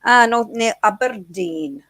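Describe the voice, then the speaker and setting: A woman's voice: on the high side, takes it slowly, fairly bright tone, low-quality recording. An Australian woman co-hosting a casual live chat, chatty and self-deprecating. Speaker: co-host of a live chat stream.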